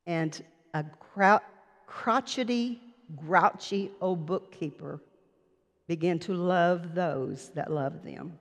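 A woman preacher telling a personal story in an earnest sermon, recorded in a church sanctuary. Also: on the low side. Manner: personal anecdote, earnest, slow. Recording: long reverb of a church hall.

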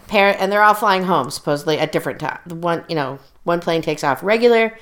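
A woman's voice: fairly low pitch, quick pace. Rambling woman retelling a story. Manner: rambling, self-correcting, laughs often; talks with her hands while telling. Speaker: storyteller in a casual conversation. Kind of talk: casual storytelling, retelling a show's plot.

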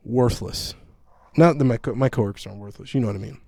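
A male podcast host telling a story in casual chat, with a profane, animated ranting manner. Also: mid-range voice, quick pace, slightly rough, no echo.

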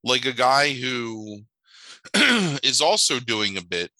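A man telling stories in casual chat, animated, swearing now and then and acting out the voices of people in his anecdotes. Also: medium pitch, slow pace, no room sound, low-quality recording.

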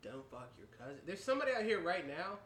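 A man's voice: a little high, very animated, quick pace, fairly bright tone, reverberant, slight background noise. A man co-hosting a casual podcast, teasing crudely and laughing often. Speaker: podcast co-host. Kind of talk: casual banter.

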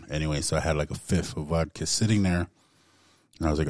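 Deep-voiced man telling a story casually. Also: brisk, a little mellow, dry recording, clean studio sound. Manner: laid-back, with fillers like "man" and "like". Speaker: guest storyteller.

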